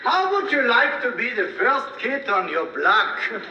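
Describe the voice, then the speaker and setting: An actor playing an eccentric middle-aged scientist doctor with a comic German accent, in a teasing, drawn-out delivery. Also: male voice, very high-pitched, very animated, sharp tone, slight background noise, exaggerated voice. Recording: roomy, distant, dull old TV sound.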